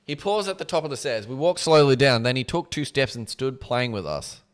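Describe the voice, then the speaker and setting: A man's voice: medium pitch, expressive, fairly quick, clean tone. A man reading a book aloud on a livestream, breaking off for casual asides that include swearing. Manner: casual asides with swearing between read passages.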